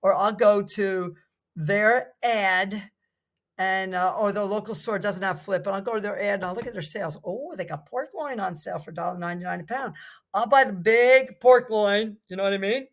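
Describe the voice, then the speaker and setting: A woman's voice: medium pitch, fairly quick. An older woman from New Jersey, a podcast guest chatting casually, enthusiastic and rambling, full of restarts. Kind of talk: casual chat.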